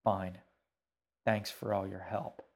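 A man's voice: mid-range voice, measured pace, darkish tone, slightly rough. A man reading a story aloud, voicing a stubborn, protective boy who speaks firmly and matter-of-factly. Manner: firm, matter-of-fact.

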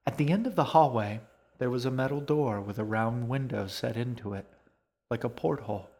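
A man narrating an audiobook in a calm, measured storytelling voice. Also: medium pitch.

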